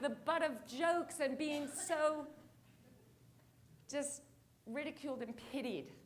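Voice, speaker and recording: A woman giving a motivational conference talk, telling a personal story in an animated, lively way to an audience. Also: sits high, a little hiss or hum. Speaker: motivational keynote speaker. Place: conference stage before an audience.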